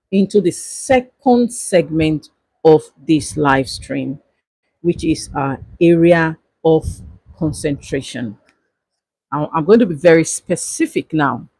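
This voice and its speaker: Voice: mid-range voice, slow pace, a little mellow, breathy edge, dry recording, rough recording. A lecturer giving a livestreamed exam-review lesson, repeating instructions with emphasis. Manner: repetitive, emphatic instructions to students.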